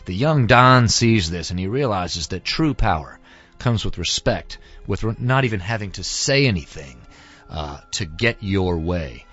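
A man's voice: low voice, expressive, a little slow, a bit bright. A man, a student, casually retelling a film with lots of fillers, in a dull, lo-fi recording with faint music. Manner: rambling, many fillers.

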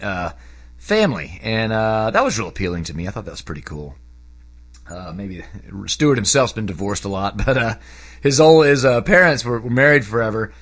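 A man talking casually about a book he read, rambling with lots of fillers, his voice jumping up when he gets excited. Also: lowish voice. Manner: animated, voice jumps up when excited. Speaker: book reviewer. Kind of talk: casual spoken book review.

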